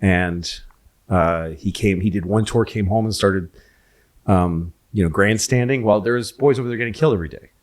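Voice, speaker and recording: A man's voice: fairly low pitch, normal speed. A man co-hosting a podcast, telling a family anecdote in a casual, mocking way. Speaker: podcast co-host. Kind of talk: casual chat.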